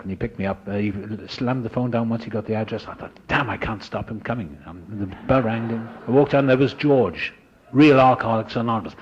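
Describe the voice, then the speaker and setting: A low-voiced older man tells his own story of recovery to a listening audience. He is animated and acts out the people he met along the way. The voice is husky and the recording sounds dull and lo-fi. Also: a little fast.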